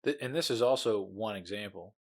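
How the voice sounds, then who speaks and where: Man, podcast co-host, lowish voice, hesitant, casual book chat. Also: a little fast. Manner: laid-back, hesitant, searches for words.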